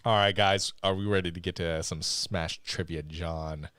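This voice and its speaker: A man co-hosting a live podcast in casual chat, joking and animated, swearing freely. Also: low voice, normal speed, clear, resonant tone, dry recording, studio quality. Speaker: podcast co-host.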